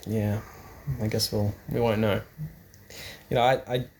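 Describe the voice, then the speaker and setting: A man's voice: on the low side, flat delivery, unhurried, darkish tone, a little hiss or hum. A man hosting a podcast, talking in a rambling, hesitant, earnest way about a book. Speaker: podcast host. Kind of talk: casual chat.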